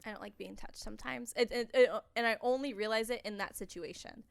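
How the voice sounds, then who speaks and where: Smooth candid young woman chatting. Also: fairly high pitch, brisk, no room sound. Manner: candid, rambling, with frequent laughs. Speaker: podcast co-host. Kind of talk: casual chat.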